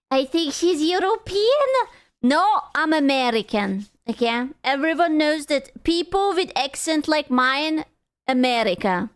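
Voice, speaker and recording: A woman streamer chatting casually with her live chat, playful and joking, swearing freely. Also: high voice.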